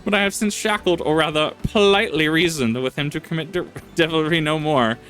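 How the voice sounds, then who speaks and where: A man's voice: fairly high pitch, a little fast, fairly bright tone, soft background music, pitched above the performer's own voice, natural voice, poor audio. A man voicing a scheming pumpkin-headed witch in a game, using a pompous villain voice rather than a female one. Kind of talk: reading game dialogue aloud.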